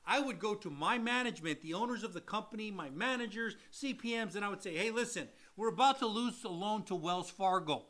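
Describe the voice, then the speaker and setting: A man in a casual live Q&A, explaining loans with a high, bright voice. He acts out little examples and repeats phrases for emphasis. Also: lively intonation, brisk, few pauses. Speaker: mortgage loan officer co-hosting a live show.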